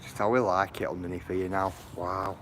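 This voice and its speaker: A man's voice: deep voice, little pitch movement, moderate pace, a bit bright, slight background noise. A man chats and jokes with viewers on a walking livestream, laughing often, filming outdoors on a handheld phone. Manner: jokey, chatty, laughs often, talks to viewers. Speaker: livestream vlogger. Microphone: handheld phone camera.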